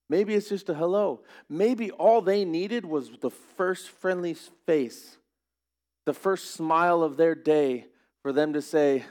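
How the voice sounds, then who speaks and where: A man's voice: fairly high pitch, unhurried, a little mellow. A man preaching a sermon as pastor, earnest and rising to emphatic questions.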